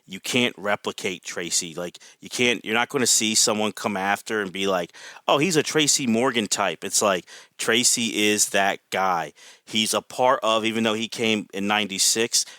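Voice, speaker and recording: A man's voice: fairly low pitch, fairly even intonation, normal speed, pushed and bright, clean tone, no echo. A man talking as a podcast guest in casual chat, enthusiastic and rambling, with lots of fillers.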